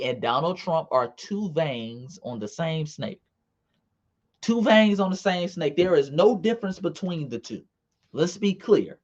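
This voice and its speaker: A man's voice: fairly high pitch, darkish tone. A man giving casual livestream commentary in an emphatic, repetitive and profane manner, addressing his viewers directly. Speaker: online commentator. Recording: dull lo-fi sound.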